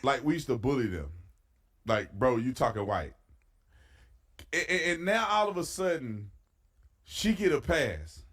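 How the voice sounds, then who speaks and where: A man's voice: on the high side, sing-song, moderate pace, a bit bright, slightly rough. A man giving mocking, slangy reaction commentary.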